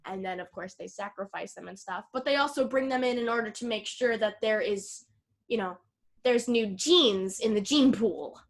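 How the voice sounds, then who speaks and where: Animated woman retelling a film. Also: mid-range voice, moderate pace. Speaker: podcast co-host. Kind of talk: casual podcast chat.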